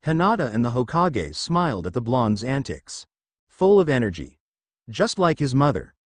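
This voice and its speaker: A man narrating a fan fiction story aloud, his pitch rising and falling in animated storytelling. The recording is close and dry, with no room sound. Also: moderate pace, dry recording.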